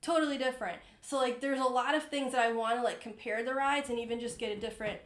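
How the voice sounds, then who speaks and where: Chatty woman, high, echoey. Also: steady tone, quick pace. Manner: enthusiastic, rambling with many "like"s. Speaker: co-host. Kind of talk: casual chat.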